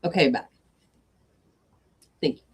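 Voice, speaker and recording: A woman hosting a live evening story reading who chats with her viewers between passages and breaks in with apologetic asides. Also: takes it slowly. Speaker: host of an evening reading stream. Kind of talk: reading stories aloud to a live chat.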